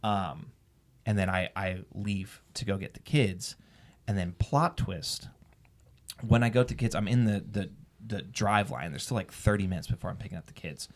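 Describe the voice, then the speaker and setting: A man's voice: fairly low pitch, normal speed. A man sharing his marriage story in a candid interview, rambling with many restarts. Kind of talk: candid personal testimony in an interview.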